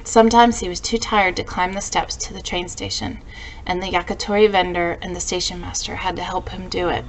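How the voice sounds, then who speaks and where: A woman teacher reading a storybook aloud to her class in a gentle storytelling way. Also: on the low side, fairly even intonation, a little fast, slight background noise, low-quality recording.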